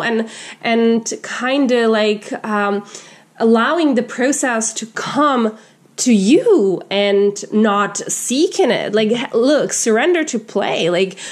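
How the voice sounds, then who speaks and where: A woman with a somewhat high voice gives a relaxed tarot reading to her viewers. She talks in an effusive, heartfelt way, full of "like" and "you know" and with frequent restarts. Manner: effusive, many fillers and restarts. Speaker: tarot reader. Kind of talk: casual spiritual tarot reading.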